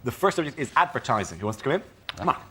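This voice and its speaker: A man hosting a comedy panel show, brisk and wry. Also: mid-range voice, sing-song, husky. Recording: noisy studio with loud audience.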